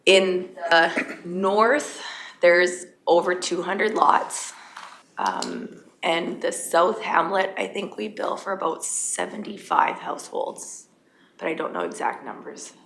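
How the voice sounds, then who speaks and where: A woman from county administration presenting a budget at a council meeting, losing her voice and speaking in a halting, matter-of-fact way with fillers. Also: lowish voice, lively intonation, fairly bright tone, a little hiss or hum. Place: council chamber.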